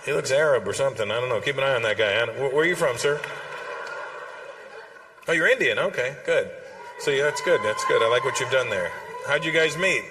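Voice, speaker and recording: A man's voice: mid-range voice, a little fast. Man, stand-up comedian, chatty and teasing, faint hiss, long reverb. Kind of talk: stand-up crowd work. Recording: live hall reverb with faint noise.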